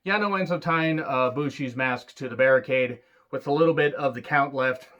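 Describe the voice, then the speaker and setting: A man giving a casual solo wrestling review, excitable and rambling, swearing freely. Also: mid-range voice, moderate pace, dull audio.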